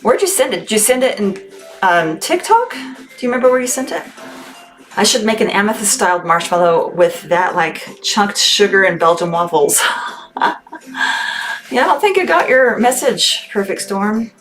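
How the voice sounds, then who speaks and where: A woman's voice: mid-range voice, animated, moderate pace, a bit bright, soft background music. A woman hosting a casual livestream, chatting with viewers and reading their comments aloud. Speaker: livestream seller host. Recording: noisy livestream audio.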